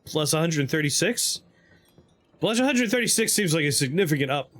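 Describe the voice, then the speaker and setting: Playful man with a lively voice. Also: on the high side, normal speed. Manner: playful, jokey, breaks into silly voices. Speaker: streamer playing a game. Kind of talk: casual let's-play commentary. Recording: with game music behind.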